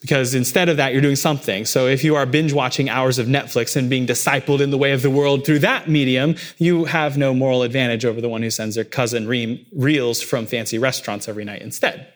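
A man preaching a sermon as pastor, his delivery swinging between quiet, heavy low stretches and raised, emphatic lines. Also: steady tone, fairly quick, few pauses.

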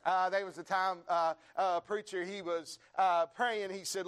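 An American man preaching a sermon in a church, building his repeated phrases up into fervent shouts while the congregation answers with amens. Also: sits high, steady tone, moderate pace, few pauses, clean tone. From United States. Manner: rising to fervent shouts, repetitive rhythmic phrasing.

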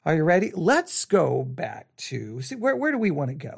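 A middle-aged man talks through a podcast monologue in a loose, rambling way, often restarting his sentences. His voice sits high for a man. He keeps a wry, conversational tone. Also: wildly swooping pitch, normal speed, vocal fry, hardly any pauses, slightly rough. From West Texas. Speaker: podcast host.

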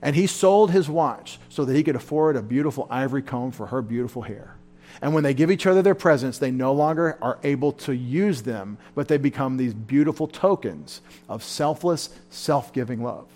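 Male pastor, sermon delivery, fervent and emotional, surges loud then drops low. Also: lively intonation, moderate pace. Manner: fervent, emotional preaching with sudden loud rises. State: tired. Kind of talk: sermon at a Bible study.

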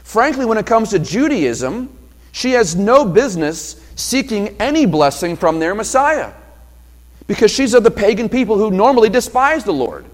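A male pastor preaching a sermon, asking rhetorical questions and acting out quoted speech with sudden loud swells. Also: high-pitched, big pitch swings, moderate pace, long reverb tail. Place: church sanctuary.

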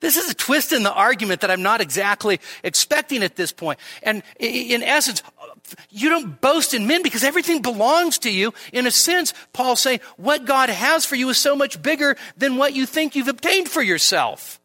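A male pastor preaching in a bright, high voice that climbs and dips constantly. He explains his text in a chatty, animated way and keeps checking in with rhetorical questions. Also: normal speed. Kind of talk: sermon. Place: church midweek service.

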